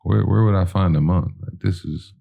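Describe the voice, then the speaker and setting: A man's voice: low voice, moderate pace, gravelly, narrow, tinny audio. A man telling a long personal story on a podcast in a rambling, casual way, full of fillers, acting out what people said. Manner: rambling, full of "you know" and "like", acting out quoted dialogue. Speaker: podcast guest.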